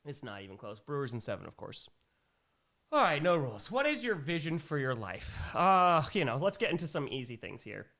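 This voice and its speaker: Man, thirties, live-stream host, relaxed chatty talk, crisp bright tone. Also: on the high side, a little fast. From United States. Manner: relaxed, chatty, frequent fillers. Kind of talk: casual live-stream Q&A chat.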